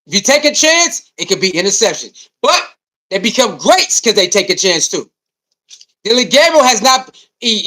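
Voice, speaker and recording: A man giving an animated sports commentary rant, repeating himself for emphasis, asking rhetorical questions and speaking straight to his audience. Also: high voice.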